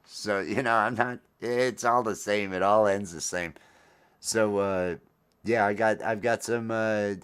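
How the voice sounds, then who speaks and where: A middle-aged man hosting a casual morning coffee livestream, rambling and self-deprecating with lots of fillers. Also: on the low side. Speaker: livestream host.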